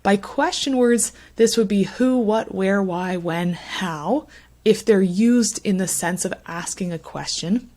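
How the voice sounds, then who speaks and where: A woman giving an English pronunciation lesson, speaking slowly and stressing key words as she lists examples. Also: mid-range voice, a little mellow. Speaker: English teacher.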